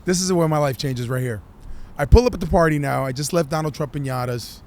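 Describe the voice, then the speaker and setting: A man, a musician guest on a podcast, telling his story in an animated, profane way and acting out what people said. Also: fairly high pitch, fast talker. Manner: animated, profane, acts out quotes.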